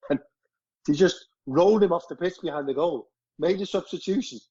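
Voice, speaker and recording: A middle-aged former footballer swaps anecdotes in casual conversation, cursing freely and chuckling as he goes. His voice is fairly high, mellow and husky, a little fast, heard through dull, lo-fi podcast audio.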